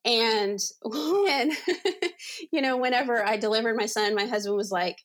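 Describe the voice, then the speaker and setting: Her voice is a little high and her pace moderate. As an interview guest, this forties-aged ministry leader recounts her personal faith journey conversationally, earnest and chatty, leaning heavily on "you know."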